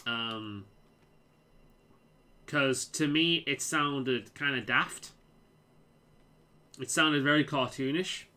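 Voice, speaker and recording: A man's voice: medium pitch, drawn-out words, pauses often, sharp tone. A young man from Liverpool with a mild Scouse accent and a slight American twang, rambling and swearing casually while he plays a game. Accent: mild Scouse with some American twang. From Liverpool, England. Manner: rambling, sweary, self-mocking. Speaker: gaming video creator.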